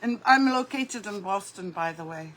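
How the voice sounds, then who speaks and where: A woman's voice: mid-range voice, lively intonation, moderate pace, fairly bright tone, poor audio. A woman hosting a casual craft livestream, chatting and greeting viewers by name as she works. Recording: faint background noise.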